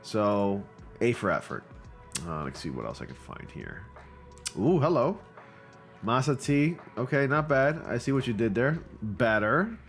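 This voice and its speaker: A man hosting his channel, giving casual, excitable commentary with gushing reactions and frequent fillers. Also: medium pitch, a little slow, soft background music. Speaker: channel host reviewing fan photo submissions.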